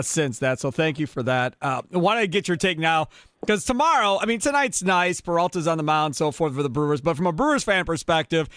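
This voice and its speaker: A man's voice: on the high side, a bit bright, no echo, clean studio sound. A male sports radio host interviewing a guest in a conversational way. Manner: conversational, leading questions.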